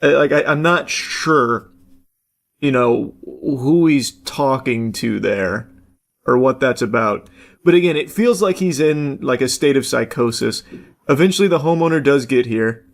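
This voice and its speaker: A man's voice: medium pitch, unhurried. A man giving blunt, casual reaction commentary, talking loosely with plenty of fillers.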